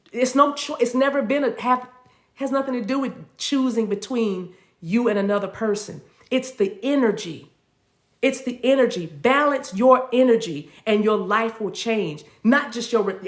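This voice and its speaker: A woman teaching spirituality in a loose, animated, conversational way, laughing easily as she goes. Her voice sits somewhat high and rings around a roomy, echoey space. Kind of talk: casual spiritual talk.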